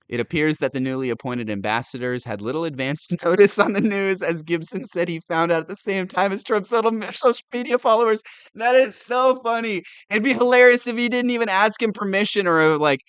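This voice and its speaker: A man who reads news aloud and adds sarcastic, animated commentary, laughing often. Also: high voice, fairly quick, smooth, dry recording. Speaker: political commentator.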